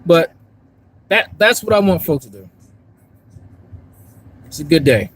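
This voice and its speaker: On a casual live stream, a YouTube commentary streamer rambles and swears while chatting with his viewers, first outdoors in a park and then from a parked car. His voice is a little high and husky, with lively intonation and an unhurried pace, and the recording quality is low.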